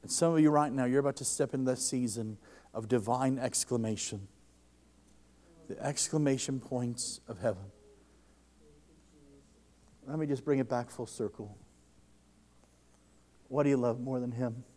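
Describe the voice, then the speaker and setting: A man preaching a sermon to a congregation, fervent, and his voice rises loud when he quotes others. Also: medium pitch, moderate pace, long pauses.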